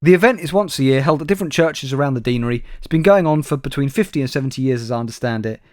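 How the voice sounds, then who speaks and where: A man's voice: medium pitch, animated, rapid-fire, a little mellow, no room sound. A man co-hosting a comedy podcast, reading out news stories with dry, wry asides. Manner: dry, wry delivery, addresses co-host by name. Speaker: podcast co-host.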